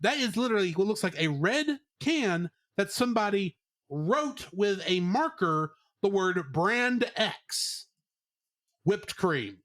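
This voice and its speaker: A man co-hosting a podcast, giving an animated, sarcastic movie review in casual chat. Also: high voice, takes it slowly, no room sound, clean studio sound. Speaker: podcast co-host.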